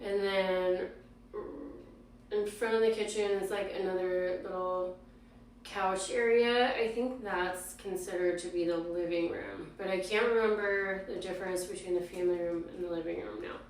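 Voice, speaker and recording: A woman vlogging casually about her days, tired and out of breath, speaking softly. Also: mid-range voice, steady tone, roomy sound, far from the mic, slight background noise. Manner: weary, speaking softly and slowly. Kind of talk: casual personal vlog. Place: hospital room, then home.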